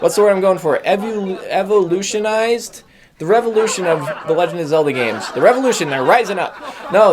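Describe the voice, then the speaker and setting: A young man doing a rambling stand-up comedy set, laughing at his own jokes and mocking himself. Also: sits high.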